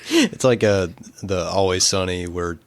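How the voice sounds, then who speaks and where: A man's voice: sits low, unhurried, clean tone, dry recording. A man visiting as a guest on a horror podcast, chatting casually about a film with short, dry remarks. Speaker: guest from a cinema. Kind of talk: casual movie chat.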